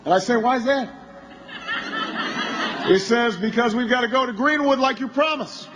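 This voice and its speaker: A man with a strikingly high voice tells a long story at a campaign rally. He works slowly toward bursts of shouting, and a faint ambient hum runs underneath. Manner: anecdotal storytelling that builds to shouting. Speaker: politician.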